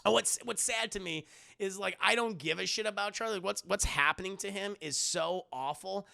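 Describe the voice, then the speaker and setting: A young man casually recapping a film scene by scene for a live chat, animated and profane, often acting out the characters in silly voices. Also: high voice, moderate pace, gravelly.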